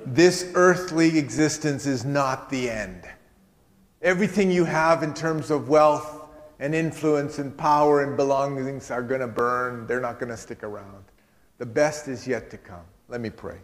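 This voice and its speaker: A man preaching a sermon as a guest speaker, telling stories earnestly and slowing down for emphasis, in a church hall. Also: medium pitch. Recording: long hall reverb.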